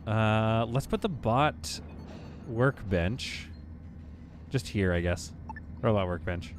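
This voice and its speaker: A man's voice: on the low side, lively intonation, slow, slight background noise. A man streaming a game live, chatting casually, laughing often and reading viewer comments aloud.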